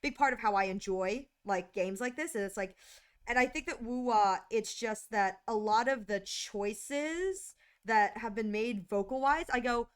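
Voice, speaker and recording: A woman's voice: a little high, animated, moderate pace, clean tone. A woman streamer chatting casually on a livestream, rambling with lots of fillers and acting out her own reactions in quoted asides.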